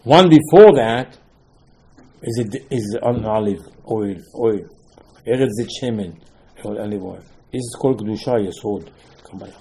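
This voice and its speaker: A man teaching a Torah lecture in halting English, repeating phrases for emphasis. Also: medium pitch, mellow, slight background noise.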